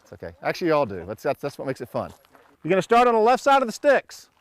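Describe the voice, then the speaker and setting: A man in middle age teaches a pistol drill outdoors, his voice sitting somewhat high for a man. He mixes playful threats with brisk, commanding instructions to his students. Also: huge pitch swings, no room sound. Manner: joking, commanding drill calls. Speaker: shooting coach. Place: outdoor shooting range.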